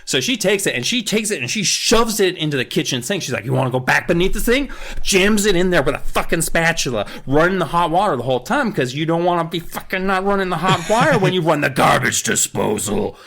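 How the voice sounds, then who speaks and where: A man with a fairly high, very lively voice tells a comic recap of a spooky kids' book. He curses freely, laughs often and jumps around in pitch. He delivers it as rowdy, animated storytelling. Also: fairly quick, hardly any pauses. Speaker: podcast co-host.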